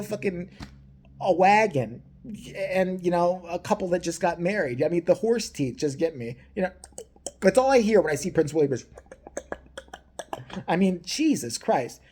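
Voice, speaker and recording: Profane, animated woman ranting. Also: mid-range voice, breathy edge. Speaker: vlogger. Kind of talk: crude comedic rant.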